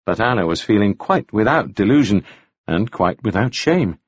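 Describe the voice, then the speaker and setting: An audiobook narrator reads a novel in a measured, expressive way, his husky voice lively in pitch. The scripted narration is recorded dry with no echo and sounds a little dull.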